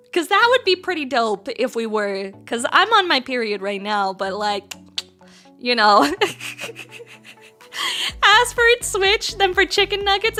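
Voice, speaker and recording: Giggly, high, bright-voiced young woman streamer. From Canada. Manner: giggly, chatty, greets chat by name. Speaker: livestreamer. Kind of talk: casual livestream chat.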